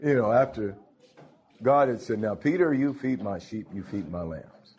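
A man's voice: on the low side, animated, moderate pace, darkish tone, husky. A man preaching a sermon, calling out to his congregation. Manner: folksy, calls out to the congregation.

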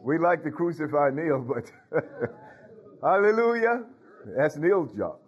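High-voiced guy preaching to his church, lots of hallelujahs, kinda muffled lo-fi sound. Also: very animated, a little slow. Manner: call-and-response preaching with frequent hallelujahs. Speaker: pastor. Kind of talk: sermon.

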